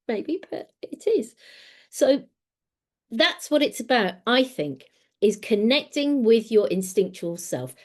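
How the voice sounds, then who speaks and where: A woman talks slowly and earnestly about personal growth. Her voice sits slightly high, and she often repeats a word while gathering her thoughts. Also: a little mellow. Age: 60s. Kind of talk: reflective spoken talk on personal growth.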